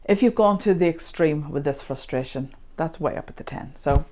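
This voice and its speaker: A woman leading a guided tapping session, speaking slow, repetitive affirmations. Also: low voice, darkish tone, a little hiss or hum.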